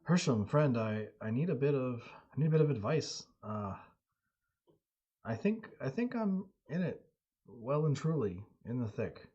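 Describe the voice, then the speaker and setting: A man voicing an anxious, unsure young man who stumbles and repeats his words. He speaks with a husky, mellow voice in dull lo-fi audio. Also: medium pitch, expressive, unhurried, voice pushed up. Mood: breathless worry. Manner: hesitant, repeats himself.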